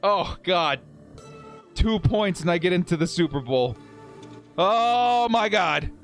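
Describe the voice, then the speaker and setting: Man, 30s, high voice, live stream host, excited game commentary, reads donations, shouting, faint music behind. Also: takes it slowly. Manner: exuberant, shouting, reading donations aloud. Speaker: live stream host of a fan watch party.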